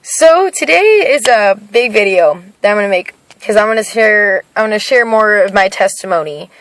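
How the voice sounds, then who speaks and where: A woman's voice: mid-range voice, lively intonation, moderate pace, slight background noise, low-quality recording. A young woman telling her personal faith testimony to the camera, hesitant and full of fillers, sounding nervous. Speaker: vlogger sharing her faith story.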